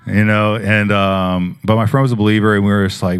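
Deep-ish male voice, preacher, casual testimony, animated, filler-heavy. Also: fairly quick, clean tone. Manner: rambling, animated storytelling with many fillers. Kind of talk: sermon testimony storytelling.

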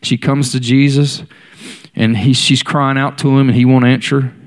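A man's voice: medium pitch, level tone, normal speed. A man delivers a sermon in an ordinary mid-range voice. He tells the stories and keeps turning to his listeners with direct questions. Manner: storytelling, voicing the characters in quotes; addresses the congregation directly. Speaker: preacher.

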